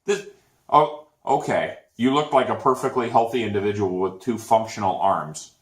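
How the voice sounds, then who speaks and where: A man co-hosting a casual chat show, telling a story with lively acted-out quotes. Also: lowish voice, normal speed. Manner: animated storytelling, acts out quotes. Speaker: podcast co-host. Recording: echoey room.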